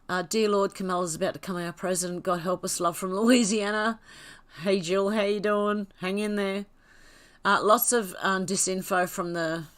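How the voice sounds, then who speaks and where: A middle-aged woman hosts a relaxed livestream from home, answering viewers' comments one by one. Her voice sits slightly low. She talks candidly, giggling often between remarks. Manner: chatty and candid, with frequent giggles. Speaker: livestream host. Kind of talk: casual livestream, reading viewer chat aloud.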